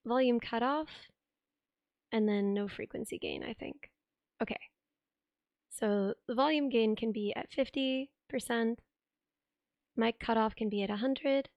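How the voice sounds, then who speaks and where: A young woman with a sick voice, chatting on a live stream, thinking aloud as she tinkers and thanking viewers with excitement. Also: on the high side, gravelly, dry recording, lo-fi sound. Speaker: livestreamer. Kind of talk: casual live stream chat. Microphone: desk streaming microphone.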